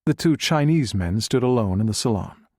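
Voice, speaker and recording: A man's voice: mid-range voice, animated, moderate pace, darkish tone, no echo. Man narrating an audiobook, dry sound. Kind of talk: scripted narration.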